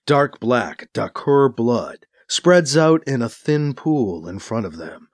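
Expressive male audiobook narrator. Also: medium pitch, takes it slowly, hardly any pauses, no echo, clean studio sound. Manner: dramatic, expressive reading. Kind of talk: audiobook narration, acting out scenes.

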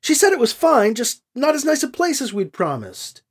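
A man voicing a guilt-ridden woman pilot who turns sharp and flustered when pressed. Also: very high voice, sing-song, moderate pace, voice pushed up, heavily acted. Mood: defensive.

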